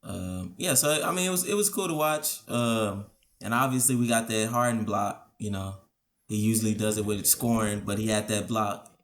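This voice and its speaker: A man on a podcast, chatting about sports in a relaxed, hesitant way. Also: fairly low pitch, moderate pace. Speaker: podcast co-host. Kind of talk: casual sports chat.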